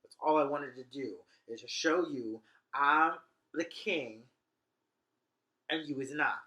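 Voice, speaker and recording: A man's voice: fairly high pitch, slow pace, pushed and bright. A man voicing a smug, vengeful male sorcerer duke who talks in a brash, slangy, dismissive way. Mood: swaggering.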